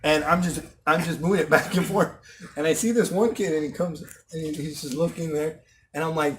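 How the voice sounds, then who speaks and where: A young man casually telling stories to friends, often laughing and acting out loud exclamations. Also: a little high, normal speed, faint music behind. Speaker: channel host telling stories. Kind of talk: casual storytelling among friends.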